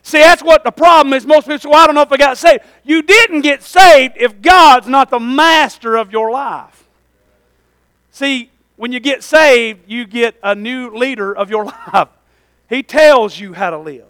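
Male pastor, very high and forceful voice, fervent sermon, folksy, calls for amen, dry close sound. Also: a little slow, clean tone, no room sound.

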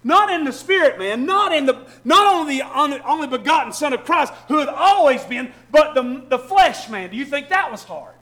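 Pastor, sermon. High, bright voice; bursts into shouts, then soft asides, stumbles and repeats. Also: male voice, very animated, moderate pace, few pauses. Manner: shifts between loud shouting and soft low asides, repeats and restarts. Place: church hall with congregation.

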